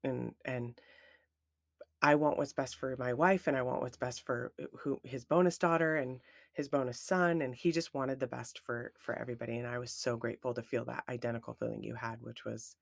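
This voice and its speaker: A woman co-hosting a podcast, talking in a casual, emotional and expressive way about a friendship. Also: a bass voice, a little fast, gravelly, no room sound, clean studio sound. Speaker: podcast co-host. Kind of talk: casual chat.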